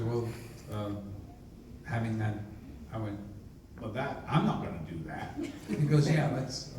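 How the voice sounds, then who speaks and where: A man's voice: medium pitch, slight background noise. Older man spinning anecdotes, echoey hall. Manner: lively raconteur who acts out others' lines. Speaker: interview guest, actor. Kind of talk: anecdotal storytelling. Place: convention hall. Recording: echoey hall, mic far off, faint ambience.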